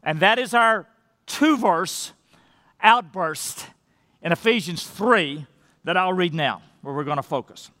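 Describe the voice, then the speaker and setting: Emphatic high-voiced male pastor, echoing hall. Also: pushed and bright. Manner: emphatic, with slow drawn-out phrases and restarts. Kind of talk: sermon. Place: church sanctuary. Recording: long reverb of a large hall.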